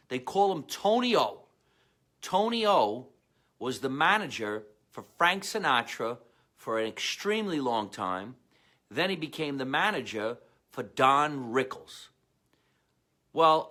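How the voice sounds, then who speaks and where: Man, new jersey accent, comedian host, rambling storyteller, bright forceful tone, middle pitch. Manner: rambling, animated storyteller with asides to viewers. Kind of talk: casual storytelling monologue.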